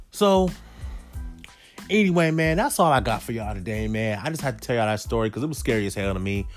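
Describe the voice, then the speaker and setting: A man in his thirties telling a casual story straight to his viewers, animated, stacking rhetorical questions and cursing casually. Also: mid-range voice, a little fast, soft background music.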